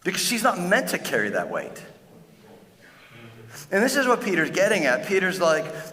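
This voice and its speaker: A middle-aged man preaching a sermon as pastor, speaking earnestly and haltingly with frequent restarts. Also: sits high, wildly swooping pitch, pushed and bright. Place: large church hall. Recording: long hall reverb.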